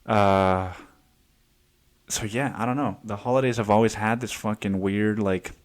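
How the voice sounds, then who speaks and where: A man's voice: fairly low pitch, steady tone, a little slow. A young man hosting a solo podcast, telling stories in a rambling, profane way with many restarts. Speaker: podcast host. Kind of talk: casual solo monologue.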